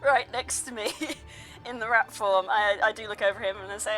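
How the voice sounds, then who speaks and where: A woman's voice: medium pitch, normal speed, music in the background, rough recording. A woman playing a tabletop role-playing game, talking casually and laughing often. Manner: giggly, animated. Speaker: player.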